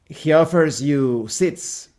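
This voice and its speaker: A man narrating as game master of a tabletop horror game in a measured, descriptive way. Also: on the high side, darkish tone.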